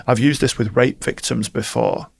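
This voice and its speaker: Male coach, gravelly voice, mid-pitched, animated storyteller for a casual interview. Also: normal speed. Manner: animated storytelling, acts out quotes. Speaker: guest, performance coach.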